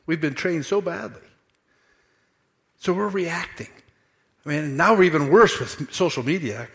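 A man preaching a sermon in church, animated and playful, acting out quotes and making asides to the congregation. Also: fairly high pitch. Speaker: pastor. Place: church sanctuary.

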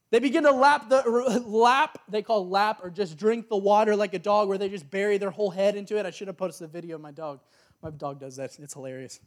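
A man preaching a sermon, telling a story in a lively, casual way with slang and excited exclamations. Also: sits high.

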